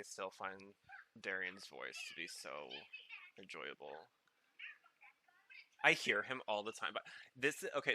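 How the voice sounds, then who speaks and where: A man hosting a podcast, giving casual, rambling commentary full of fillers and excitable reactions while watching a show. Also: lowish voice. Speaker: podcast host.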